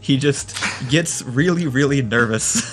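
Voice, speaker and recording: A man's voice: mid-range voice, unhurried, fairly bright tone, faint music behind. A man co-hosting a casual podcast, telling a story in a wry way and laughing as he goes. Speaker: podcast co-host.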